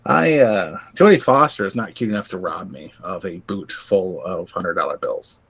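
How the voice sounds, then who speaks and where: A man's voice: sits low, normal speed, gravelly, a bit bright, husky. A man chatting casually on a podcast, rambling with lots of fillers, cracking crude jokes and laughing often. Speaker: podcast co-host. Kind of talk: casual chat.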